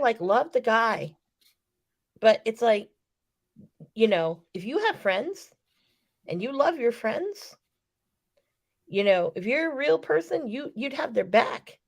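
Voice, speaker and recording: Animated, foul-mouthed woman telling a story. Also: fairly high pitch. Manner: animated, profane storytelling with acted-out quotes. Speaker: wrestling podcast co-host. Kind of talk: casual podcast chat.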